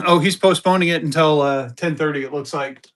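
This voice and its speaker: At an ordinary pace and with a fairly high voice, a man runs a live-stream currency auction. He greets viewers by name and pushes them to place bids in typical live-selling chatter.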